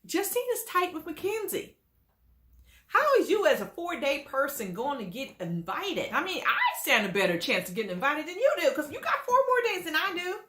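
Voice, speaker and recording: A woman hosting a reality TV gossip commentary show, talking in a sassy, animated way and leaning hard on her emphasis. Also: high-pitched, normal speed, roomy sound.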